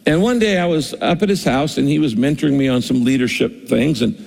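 A man's voice: medium pitch, fairly quick, gravelly, a little mellow, long reverb tail. A male pastor preaching a conversational sermon, acting out the voices of the people he quotes.

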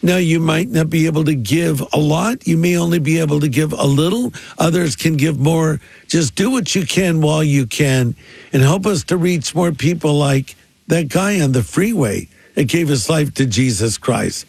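A man's voice: on the high side, normal speed, gravelly, darkish tone, breathy edge, no echo. A man, a pastor, preaching and making a conversational appeal on a radio program.

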